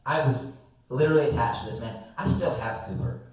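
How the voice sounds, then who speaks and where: A young man telling a long, rambling story to friends in a casual chat, animated and swearing freely. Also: mid-range voice, fairly quick. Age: young adult. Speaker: guest storyteller. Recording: echoey room, distant mic.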